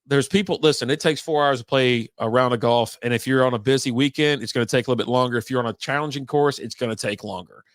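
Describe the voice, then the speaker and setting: A man's voice: medium pitch, fast talker, hardly any pauses, no echo, studio quality. Cursing, story-telling podcast man. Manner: loose storyteller, swears, acts out others' lines. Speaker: podcast co-host. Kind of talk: casual chat.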